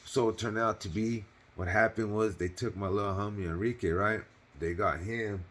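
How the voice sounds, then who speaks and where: A man's voice: lowish voice, fairly even intonation, moderate pace, a bit bright. A man casually telling a personal story on his channel, in loose slang with cursing and lots of fillers, earnest and heartfelt.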